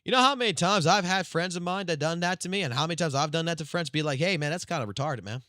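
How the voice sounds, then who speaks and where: A young man with a South Louisiana Cajun accent, live streaming a loud, emphatic, profane rant that swings between loud and low-key. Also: fast talker, dry recording, clean studio sound.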